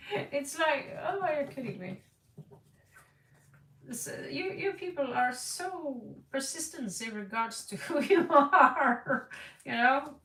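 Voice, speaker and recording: A woman's voice: high-pitched, animated, slow pace, long pauses, a bit bright. A woman giving a casual tarot reading to camera, blunt and playful, laughing and repeating words for effect. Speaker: tarot card reader. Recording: echoey room, voice distant from the mic.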